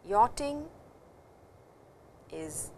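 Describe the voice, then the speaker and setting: A woman teaching a language lesson, explaining slowly and repeating each example sentence. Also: mid-range voice, sing-song, a little mellow, slight background noise, rough recording. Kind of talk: classroom lecture.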